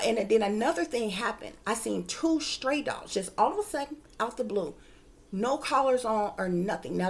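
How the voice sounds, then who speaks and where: A woman working as a psychic reader, telling her viewers a story in casual, emphatic talk, often calling them "y'all" and swearing freely. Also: on the high side.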